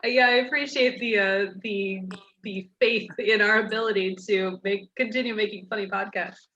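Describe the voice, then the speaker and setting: A woman's voice: medium pitch, fairly even intonation, normal speed, pushed and bright, highs cut off. A woman from the United States, a guest on a remote call, chatting in a wry way and laughing as she chimes in. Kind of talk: casual interview chat.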